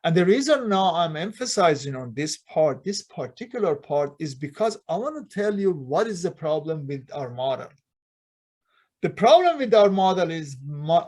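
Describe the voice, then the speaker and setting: A man lectures a chemistry class in a slightly higher-than-average voice. He keeps tossing questions at the room and answering them himself, dropping plurals and articles as he goes. The delivery is conversational classroom teaching. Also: darkish tone. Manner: quizzes students with frequent rhetorical questions; non-native grammar, dropped plurals and articles. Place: lecture hall.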